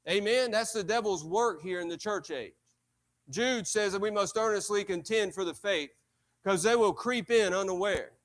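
Casting note: male preacher, high voice, emphatic, repeats lines for weight. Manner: preaching with emphatic repetition and rising intensity. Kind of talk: sermon. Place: church.

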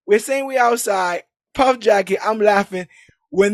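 A man recapping a movie in casual podcast chat, animated and laughing as he acts out lines. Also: sits high, normal speed, no room sound, clean studio sound. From New York City. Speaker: podcast co-host.

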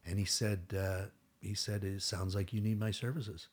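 A man's voice: on the low side, flat delivery, moderate pace, slightly rough. A middle-aged man telling a long story as a podcast guest, rambling and acting out what others said, with casual swearing.

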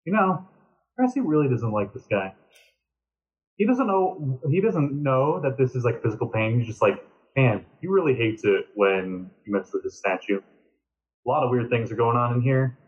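A man's voice: mid-range voice, animated, normal speed. Man, tabletop player, sardonic jokes, muffled lo-fi sound. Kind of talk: casual chat during a tabletop game.

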